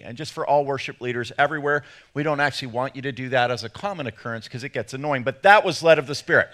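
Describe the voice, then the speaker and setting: A man's voice: mid-range voice, fast, hardly any pauses, pushed and bright. A man with an English accent, preaching an enthusiastic sermon with playful asides. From England. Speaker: pastor.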